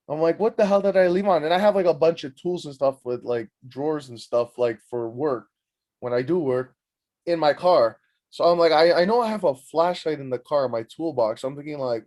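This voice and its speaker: A man's voice: a little high, a little fast. A young man hosting a podcast, telling a rambling comedic story full of swearing, self-mockery and constant "like" fillers. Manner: profane, animated, self-mocking, frequent "like" fillers. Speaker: podcast host.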